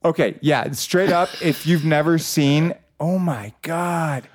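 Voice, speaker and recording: An excitable male host chatting casually, with a voice pitched a little above the usual. He swears freely and jumps in with quick, animated reactions. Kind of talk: casual chat.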